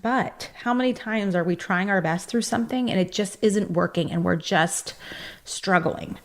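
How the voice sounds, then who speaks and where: A woman with a somewhat low voice hosts a self-help podcast. She talks in an earnest, encouraging way, full of fillers and little asides as she coaches her listeners. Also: measured pace. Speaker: podcast host.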